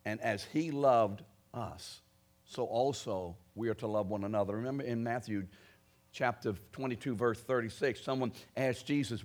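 A male preacher delivering a sermon in an emphatic way. He pushes key phrases out loudly and then drops low and quiet as he drives each point home. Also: normal speed. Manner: emphatic, rising to loud stresses then dropping low.

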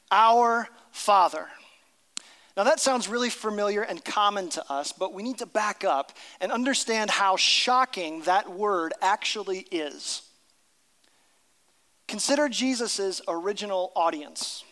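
A pastor preaching a sermon, telling a story and dropping to a hushed voice at tender moments. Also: male voice, high voice, big-room sound.

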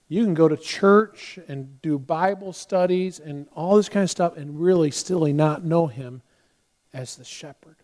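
A man's voice: a little high, unhurried, darkish tone. A male pastor preaching a Sunday sermon, asking the congregation direct questions and closing in prayer. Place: church sanctuary. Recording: long hall reverb.

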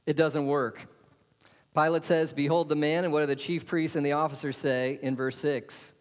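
A man's voice: fairly high pitch, level tone, normal speed. A man preaching a sermon as pastor, putting questions to the congregation and answering them with emphasis. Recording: long hall reverb.

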